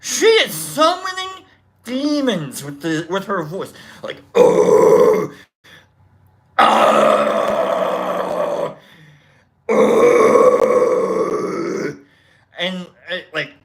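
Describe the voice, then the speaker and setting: A show host telling a long, rambling story in a casual way and acting out scenes with shouts. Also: medium pitch, lively intonation, takes it slowly.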